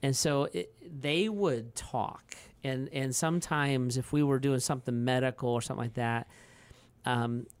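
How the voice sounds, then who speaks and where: Pastor guy in his 40s on a podcast, smooth voice, dry close sound, lots of um and uh, rambly stories. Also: mid-range voice, moderate pace, dry recording. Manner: rambling storyteller with many fillers and restarts, laughs easily. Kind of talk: casual podcast conversation.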